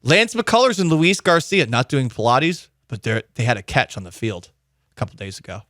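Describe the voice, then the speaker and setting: A man's voice: medium pitch, expressive, moderate pace, a bit bright, no room sound, clean studio sound. A man hosting a sports talk show, telling rambling, self-mocking stories in casual chat. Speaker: sports podcast host.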